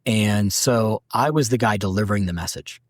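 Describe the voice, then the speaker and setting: A man's voice: fairly low pitch, normal speed, dry recording, studio quality. A man guest on an interview podcast, talking candidly and acting out quotes as he tells stories. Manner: candid storytelling, acts out quotes. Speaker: manufacturing director, guest. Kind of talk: casual interview talk.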